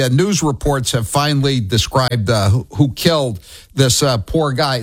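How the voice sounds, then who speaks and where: A man's voice: mid-range voice, no room sound, studio quality. A man hosting a talk radio show, speaking bluntly and scornfully and rambling with restarts as he takes callers. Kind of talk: opinionated talk radio chat.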